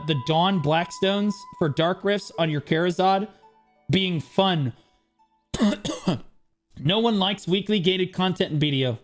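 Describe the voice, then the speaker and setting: A male game streamer giving frustrated, profane commentary on a live stream. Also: sits high.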